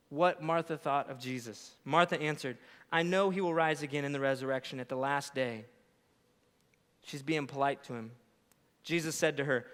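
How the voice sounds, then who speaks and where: Pastor, male, high voice; animated storyteller who acts out scenes; church sanctuary reverb. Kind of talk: sermon.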